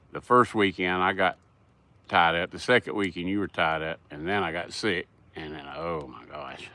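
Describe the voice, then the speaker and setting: A man's voice: low voice, pushed and bright, dry recording. A middle-aged man with a Southern US accent, hosting a casual livestream and rambling in a folksy way as he answers chat. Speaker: livestream host.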